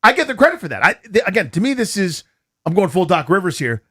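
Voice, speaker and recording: Animated male sports radio host. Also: sits high, slightly rough. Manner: animated, rapid, takes calls. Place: radio studio.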